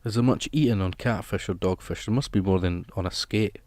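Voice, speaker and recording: A man's voice: low voice, fairly quick, a little mellow, no room sound. A man hosting a live stream, chatting casually with his viewers in a rambling, jokey way.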